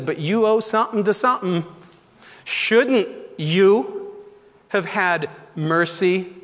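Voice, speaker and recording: A male pastor preaching a sermon, reading scripture aloud with animated voiced lines and asides. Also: high voice, in a large hall.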